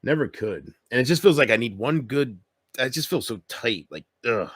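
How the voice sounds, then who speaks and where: A man's voice: mid-range voice, expressive, moderate pace, fairly bright tone, husky, no room sound, clean studio sound. A man chatting casually on his livestream, rambling and joking, with frequent swearing.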